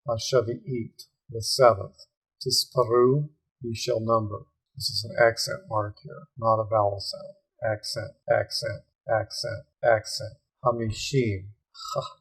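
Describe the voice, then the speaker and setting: A man's voice: fairly low pitch, husky. A man teaching a Hebrew grammar lesson, methodically parsing words and sounding out Hebrew terms.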